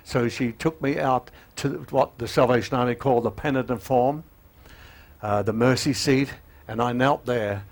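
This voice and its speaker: A man in his eighties preaching a sermon, halting with fillers and restarts, often emotional, and growing louder and higher as he urges repentance. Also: fairly even intonation. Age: 80s. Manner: rises in pitch and volume when urging repentance.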